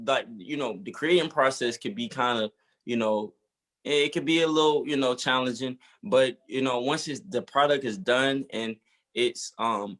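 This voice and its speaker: A man's voice: mid-range voice, fairly bright tone. Hesitant man musician, lots of ums. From Georgia, USA. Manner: hesitant, many fillers. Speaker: musician guest. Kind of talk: casual interview.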